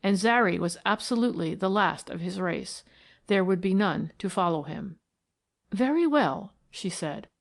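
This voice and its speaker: A woman narrating a mystery audiobook in a measured, even storytelling manner. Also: lowish voice, gravelly. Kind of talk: scripted narration.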